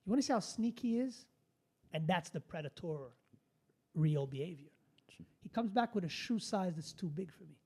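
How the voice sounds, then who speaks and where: A man, hosting a podcast and telling a story in a casual, animated, blunt way, swearing freely and restarting sentences. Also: sits high, normal speed, long pauses, breathy edge. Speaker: podcast host.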